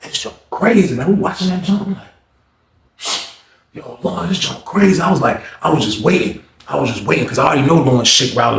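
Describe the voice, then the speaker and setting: A man's voice: medium pitch, creaky, roomy sound. A man telling a story in a casual, slangy way, acting out the other people's voices. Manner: animated, slangy, acts out every voice.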